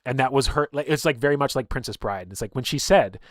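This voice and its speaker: A man's voice: medium pitch, moderate pace, long pauses, no room sound, clean studio sound. A man telling stories in casual chat, rambling with many fillers and openly emotional. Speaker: streamer and game player.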